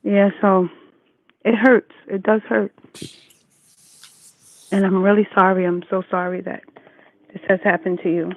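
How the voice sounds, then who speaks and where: A woman's voice: medium pitch, level tone, unhurried, long pauses, no echo. A woman in her forties calling in, talking emphatically and reassuringly, repeating herself for stress. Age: 40s. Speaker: caller. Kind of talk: casual consoling chat. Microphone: phone call. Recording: phone line.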